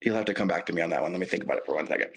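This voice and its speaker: A middle-aged man speaks as a podcast guest in a rather low voice. He stumbles through restarts and pokes fun at himself while he tells a story. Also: breathy edge, rough recording. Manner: halting, self-deprecating storyteller with restarts. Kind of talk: casual chat.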